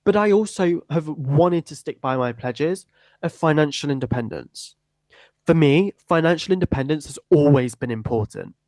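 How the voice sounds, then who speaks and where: A man's voice: a little high, animated, normal speed, a little mellow, no echo. Earnest 18-year-old guy. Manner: earnest and emphatic, with heavy repetition. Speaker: podcast host. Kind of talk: personal podcast monologue.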